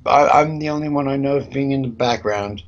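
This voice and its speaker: A man's voice: mid-range voice, brisk. Rambling man on a dull lo-fi stream. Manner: mock-serious, rambling, stammering. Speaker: mock news host. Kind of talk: improvised comedy chat.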